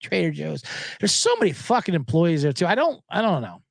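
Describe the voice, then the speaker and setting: A man's voice: fairly high pitch, huge pitch swings, a little fast, gravelly, dry recording, clean studio sound. A man hosting a sports betting podcast, ranting in a casual monologue, swearing and acting out voices as he quotes people.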